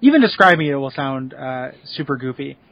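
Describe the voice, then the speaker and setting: A man co-hosting a podcast in casual chat, making wry, deadpan jokes. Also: mid-range voice, a little fast, no room sound, dull audio. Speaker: podcast co-host.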